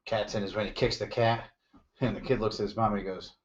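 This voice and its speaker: A man with a fairly low voice chatting loosely on a podcast, cracking jokes and swearing easily. The sound is dull and lo-fi. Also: steady tone, fast talker. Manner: jokey storyteller, swears casually. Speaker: podcast co-host. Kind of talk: casual chat.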